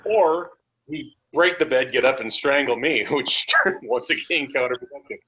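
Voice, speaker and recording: On dull, lo-fi podcast audio, a guest tells casual wrestling road stories at a moderate pace in a mid-range voice. He's animated, swears freely, and acts out the voices in his tales.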